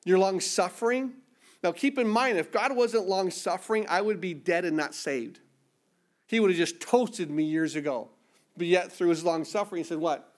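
A man's voice: high-pitched, lively intonation, moderate pace. A man preaching a sermon, emphatic and repetitive, acting out the voices of scripture figures.

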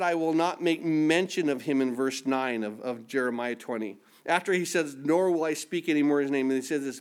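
A man preaching a sermon, emphatic and repetitive, acting out the voices of scripture figures. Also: fairly high pitch.

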